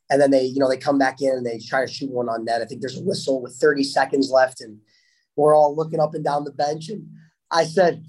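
Upbeat young hockey player, laughing often. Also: male voice, medium pitch, low-quality recording. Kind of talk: casual interview answers.

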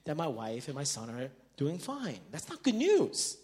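A man preaching a sermon as pastor, telling stories in an animated way and acting out the dialogue, swinging between loud bursts and quiet stretches. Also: on the high side, unhurried. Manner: animated storytelling, acting out quoted dialogue with big swings in loudness.

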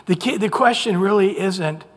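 A pastor preaching a sermon in an animated way, full of restarts and rhetorical questions. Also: mid-range voice, moderate pace, slightly rough. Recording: long hall reverb.

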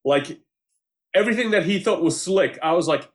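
A man chatting casually and recapping a TV show, animated, acting out quotes, swearing freely and laughing often. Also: high voice, moderate pace.

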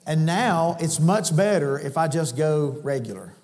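A man preaching a sermon in a church, shifting between folksy storytelling and loud, high-pitched exhortation. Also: animated, a little slow. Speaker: guest preacher. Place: church sanctuary. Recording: church hall reverb.

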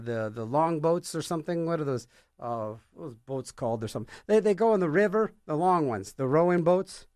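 Rambling, animated man radio DJ. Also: a little high, no echo, studio quality. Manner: rambling and joking, acts out little scenes. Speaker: radio show host. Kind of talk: casual radio DJ chatter.

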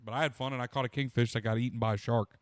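A young man chatting casually on a podcast, cracking crude jokes and breaking into laughter as he acts out what people said. His voice sits in a middle pitch, and the recording is close and dry, with no room sound. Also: fairly even intonation, rapid-fire, dry recording. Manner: crude, laughing storyteller who acts out quotes. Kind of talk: casual chat.

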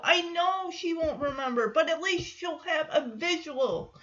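A woman's voice: very high voice, a little slow, few pauses, lo-fi sound. A woman hosting a podcast, casually recapping a TV episode and acting out the characters' lines. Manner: animated retelling with acted-out quotes. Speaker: podcast host.

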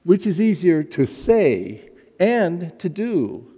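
A man voicing Jesus, who speaks in a low, calm and gently chiding way, heard in a reverberant hall. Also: takes it slowly, slightly rough, heavily acted.

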